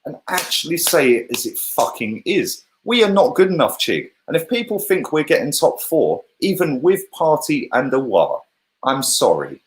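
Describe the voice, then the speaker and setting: A man's voice: a little high, very animated, moderate pace, slight background noise. A man, a football fan pundit, ranting bluntly and combatively in heated, sweary chat. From England.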